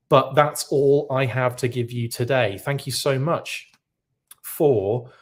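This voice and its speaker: A man hosting a live podcast who reacts to news in a casual, rambling way and keeps correcting himself. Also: mid-range voice. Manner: rambling, self-correcting, chatty. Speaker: podcast host.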